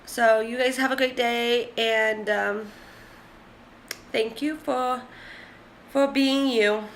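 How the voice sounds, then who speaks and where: A woman's voice: fairly high pitch, fairly even intonation, slow pace, slight background noise. A young woman in a casual vlog, chatting candidly and rambling to the camera. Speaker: vlogger.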